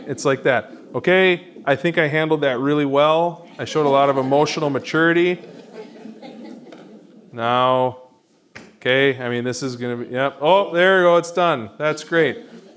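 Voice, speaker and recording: A man, a pastor, teaching an adult education class in a church classroom in a conversational, self-deprecating way. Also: a little high.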